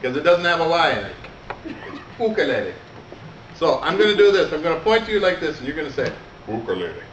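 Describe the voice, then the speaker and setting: A man's voice: a little high, sing-song, fast, slight background noise, pitched below the performer's own voice. A man playing a jolly male islander who laughs and coaxes a live youth group audience through a comedy skit. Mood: cheerful coaxing. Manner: playful, laughing, coaxing the crowd. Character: jolly male islander named Brother Joe. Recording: echoey hall, far mic, dull, loud crowd.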